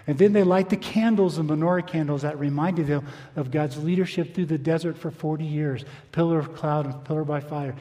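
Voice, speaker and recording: Man preaching in a reverberant hall. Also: fairly high pitch. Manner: animated preaching, reading scripture aloud with dramatic slowdowns. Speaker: pastor. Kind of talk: sermon.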